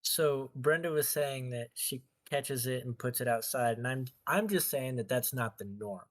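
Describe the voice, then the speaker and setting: A man co-hosting a late-night podcast, relaxed and teasing as he chats. His voice sits at a middle pitch and is recorded close and dry, with no room sound around it. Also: moderate pace, no echo. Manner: easygoing, teasing, laughs often. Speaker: podcast co-host. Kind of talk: casual chat.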